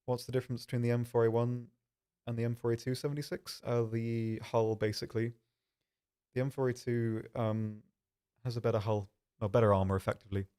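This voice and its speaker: A young man hosting a live stream, answering chat questions in a calm, soft-spoken, dry and self-deprecating way. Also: mid-range voice, brisk, clear, resonant tone.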